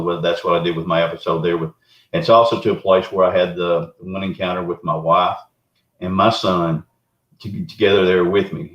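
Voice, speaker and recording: Man, Southern US accent, very low voice, folksy rambling storyteller, echoey lo-fi audio. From Arkansas, US. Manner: folksy, rambling, animated retelling. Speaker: guest, Bigfoot researcher. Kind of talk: casual storytelling. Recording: roomy, dull lo-fi remote audio.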